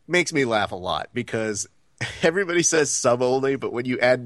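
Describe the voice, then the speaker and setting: A man's voice: mid-range voice, a little fast, dry recording, clean studio sound. A man co-hosting a podcast, telling a story casually and acting out the lines of the people in it. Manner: animated storyteller, acts out quoted lines. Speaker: podcast co-host.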